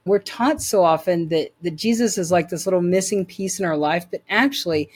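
A woman's voice: fairly low pitch, fairly quick, a little mellow, husky. A woman telling her personal faith story as an interview guest, earnest and emphatic, often repeating words as she restarts.

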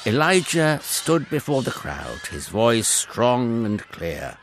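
A man narrating a children's Bible story with expressive storytelling. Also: mid-range voice, takes it slowly, a little hiss or hum.

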